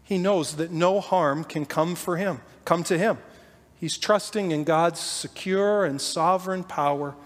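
High-voiced man preaching in a reverberant hall. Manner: earnest, animated storytelling. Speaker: pastor. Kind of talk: sermon.

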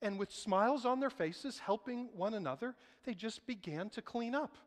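A man preaching a sermon as pastor, telling stories in an animated way and putting on voices for the people he quotes. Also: high voice, moderate pace. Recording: reverberant hall.

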